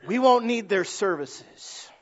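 A male pastor with a high voice delivers a sermon. He swings from quiet, intimate asides to loud, stretched-out proclamations. The sound is dull and lo-fi. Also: animated, slow. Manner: dynamic preaching, swinging from hushed to loud and drawn out.

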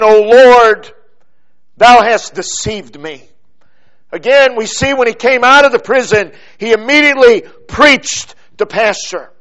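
Slow, high-voiced male preacher. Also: fairly bright tone. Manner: slow, deliberate preaching with dramatic pauses and falling phrase ends. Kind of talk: sermon.

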